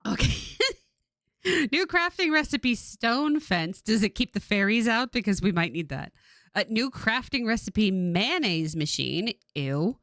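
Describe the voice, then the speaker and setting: Bright, chatty woman streamer. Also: mid-range voice, unhurried, no room sound. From California. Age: 40s. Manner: rambling, laughs often, animated. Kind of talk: casual chat while playing a game.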